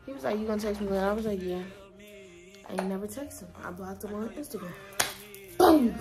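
Young woman doing a wig storytime, talks fast and slangy, acts out the dialogue, music going in the back. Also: medium pitch. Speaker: vlogger. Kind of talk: casual storytime while doing her wig. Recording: music playing behind voice. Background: hip hop music.

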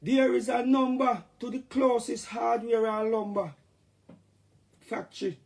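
A Jamaican man chatting loosely on a live stream, his voice sitting high for a man. He rambles and jumps between topics, now and then bursting into loud catchphrases. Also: fairly even intonation, measured pace, creaky. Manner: rambling, playful, shouts catchphrases. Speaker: dancehall artist talking to fans. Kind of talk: casual live-stream chat.

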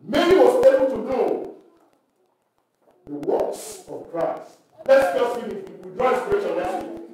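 A man's voice: very high-pitched, a little mellow. A man leading a Bible teaching for church workers, reading scripture aloud and quizzing his listeners with questions. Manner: preacherly, asks the audience questions and reads scripture aloud. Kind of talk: Bible teaching at a leadership meeting. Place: church hall. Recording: echoey hall recorded from far off.

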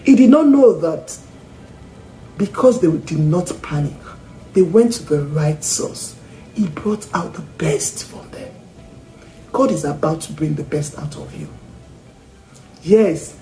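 A woman's voice: low-pitched, expressive, a little slow, pauses often, warm tone, faint music behind. A woman giving an earnest devotional message as a Christian speaker, talking emphatically to her listeners. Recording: roomy echo with faint ambience.

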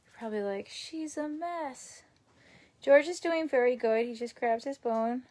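Young new girl rambling thru live comments at home, kinda high voice. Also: fairly quick, a little mellow. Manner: chatty, rambling, frequent ums and laughs. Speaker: vlogger reading live comments. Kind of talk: casual live-stream chat. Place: her home.

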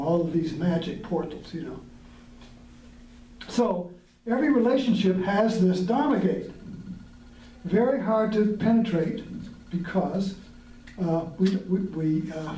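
High-voiced man, roomy distant sound. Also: warm tone, a little hiss or hum. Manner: reflective, rambling, chuckles often. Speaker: podcast host. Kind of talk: casual spiritual talk.

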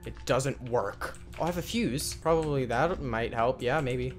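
A gaming-channel host, medium-pitched and unhurried, jokes his way through a let's-play with game music behind him. He addresses the game directly and every so often lets out loud yells.

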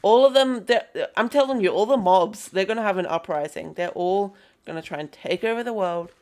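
A young woman chatting excitedly through a gameplay session, calling out playful greetings to characters in the game. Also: mid-range voice, fairly quick. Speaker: gaming video host. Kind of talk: casual gameplay commentary.

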